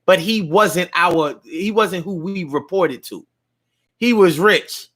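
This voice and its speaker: A man's voice: high-pitched, takes it slowly, a bit bright. A man talking in a casual monologue, rambling along with frequent restarts and fillers.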